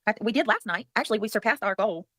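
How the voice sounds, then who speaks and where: A Southern US woman hosts a casual livestream, her mid-range, fairly bright voice rapid-fire and animated. She rambles and chats, thanking viewers and cursing now and then, in a dry recording.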